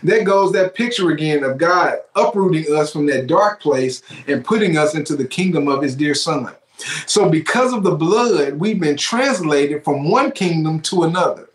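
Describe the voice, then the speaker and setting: A man's voice: on the high side, lively intonation, normal speed, echoey room. A man preaching a sermon, fervent and exclaiming, repeating his phrases for emphasis.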